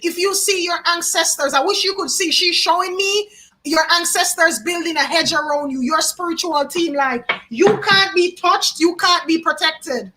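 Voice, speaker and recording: A woman's voice: very high-pitched, normal speed, bright, forceful tone. A woman from Jamaica, giving a live psychic card reading and musing aloud, often repeating names and phrases. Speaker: tarot card reader.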